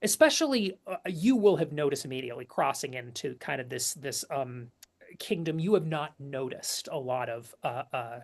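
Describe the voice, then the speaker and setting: A man's voice: medium pitch, lively intonation, normal speed, creaky. Hesitant male game master. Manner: hesitant, many fillers and restarts. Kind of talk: narrating a tabletop game.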